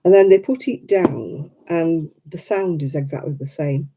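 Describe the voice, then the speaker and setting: A British woman chatting casually on her crafting livestream, mimicking people in high voices as she tells stories. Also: unhurried, warm tone, slight background noise. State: struggling with hand pain. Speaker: livestream host.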